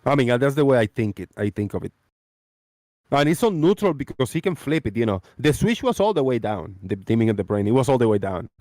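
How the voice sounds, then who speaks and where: A man's voice: medium pitch, big pitch swings, fast talker, a little mellow, no room sound, clean studio sound. A man hosting a live-stream debate chat, rambling and repeating his phrases. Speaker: host.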